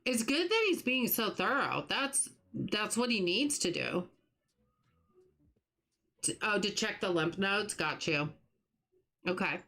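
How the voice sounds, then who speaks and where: A woman's voice: mid-range voice, expressive, slow, long pauses. A middle-aged woman hosting a livestream, chatting casually and sympathetically with her chat while she plays. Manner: warm, sympathetic, chatty with restarts. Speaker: livestream host.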